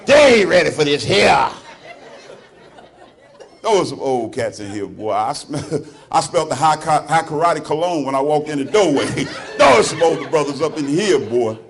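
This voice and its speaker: A man's voice: on the high side, expressive, moderate pace. Southern man doing teasing stand-up. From Alabama. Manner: loose, teasing crowd work with frequent laughter. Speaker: stand-up comedian. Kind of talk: stand-up comedy set. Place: club stage before a live audience.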